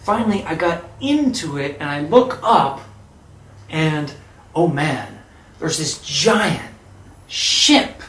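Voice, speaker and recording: Animated male storyteller, echoey room. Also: on the high side, slow pace. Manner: animated, acts out quoted dialogue. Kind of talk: personal storytelling.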